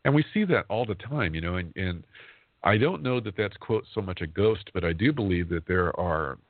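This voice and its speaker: A man's voice: sits low, lively intonation, moderate pace, no echo. A man in his fifties hosting a talk radio show, chatting casually and rambling, often laughing as he talks. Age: 50s. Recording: dry, phone-like internet radio audio.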